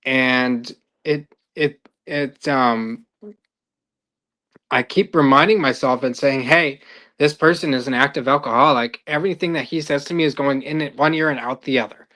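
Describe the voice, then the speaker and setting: A man's voice: medium pitch, normal speed, pushed and bright. A male life coach telling a story in a casual, rambling podcast monologue with fillers and restarts.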